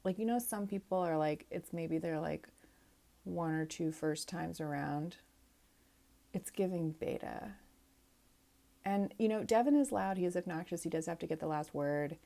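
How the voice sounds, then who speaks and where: A woman's voice: lowish voice, normal speed, creaky, mellow. A woman in her thirties hosting a show recap in casual solo chat, rambling and opinionated with lots of fillers and restarts. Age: 30s. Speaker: podcast host recapping a reality show.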